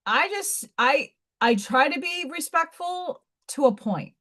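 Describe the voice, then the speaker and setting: Her voice sits high and fairly bright as she talks slowly yet animatedly on her own casual live stream. Bluntly rambling with frequent restarts, this host has a faded Staten Island New York accent.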